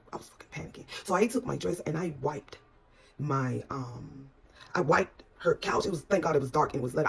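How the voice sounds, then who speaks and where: Gravelly husky woman telling a story. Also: low voice. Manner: emotional, repetitive retelling, addresses viewers as y'all. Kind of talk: personal storytime.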